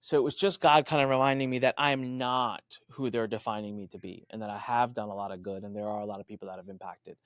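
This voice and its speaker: A man appears as a podcast guest, animatedly telling a story in an interview with lots of fillers and restarts. He acts out other people's voices with big jumps in pitch. The recording is dry and studio quality.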